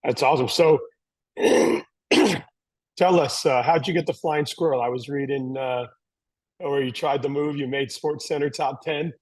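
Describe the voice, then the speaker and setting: A man's voice: medium pitch, fairly even intonation, unhurried, darkish tone, no room sound, rough recording. A man hosting a podcast interview, asking easygoing casual questions. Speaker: podcast host.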